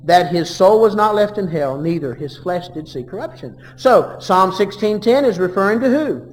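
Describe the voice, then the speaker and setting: A man preaching a sermon, reading verses aloud and swinging between loud and hushed delivery. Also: high-pitched, lively intonation, moderate pace, in a large hall.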